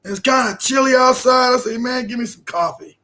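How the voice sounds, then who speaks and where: A man with a very high, bright voice hosts a loose, joking chat. He laughs easily and breaks into shouted scolding put-on voices. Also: a little fast. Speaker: host. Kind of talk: casual podcast chat.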